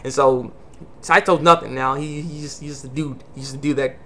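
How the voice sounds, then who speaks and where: A man's voice: medium pitch, steady tone, a little fast, pushed and bright, slight background noise. A man casually recapping an anime episode, rambling with many fillers and restarts. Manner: acts out characters' lines in quotes. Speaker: anime reviewer.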